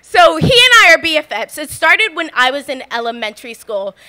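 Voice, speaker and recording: A woman's voice: high-pitched, sing-song, brisk, bright, forceful tone. A young woman from Philadelphia telling a comic personal story on stage at a story slam, chatty and full of "like" fillers, laughing often. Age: young adult. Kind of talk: live comedic storytelling. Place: live story slam at a bar venue.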